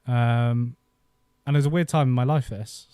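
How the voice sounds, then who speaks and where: A man's voice: mid-range voice, fairly even intonation, moderate pace, mellow, smooth, no room sound. A man in his thirties chatting casually on a live stream, rambling and nostalgic, often laughing as he talks into a desk microphone. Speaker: YouTube host.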